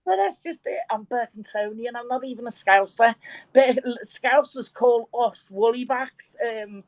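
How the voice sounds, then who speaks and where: A woman's voice: mid-range voice, a little mellow, dry recording, poor audio. Chatty, bawdy woman in her sixties. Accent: London. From Birkenhead, England. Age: 60s. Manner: bawdy, chatty storyteller who laughs often. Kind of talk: casual group chat.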